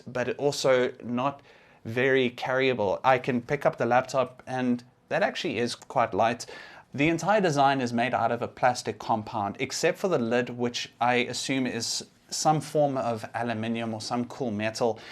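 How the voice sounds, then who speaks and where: A young man giving a casual, explanatory tech review, occasionally restarting his sentences. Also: medium pitch.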